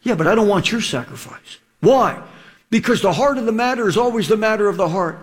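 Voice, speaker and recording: A man preaching a sermon in an animated, rhetorical way, acting out the quotes he reads. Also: high-pitched, brisk, breathy edge.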